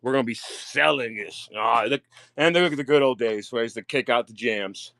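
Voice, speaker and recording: A man giving a casual live-stream tour of his diecast collection, excitable, swearing freely and repeating himself. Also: mid-range voice, fairly quick, creaky, dry recording. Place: home storage rooms and outdoors at night.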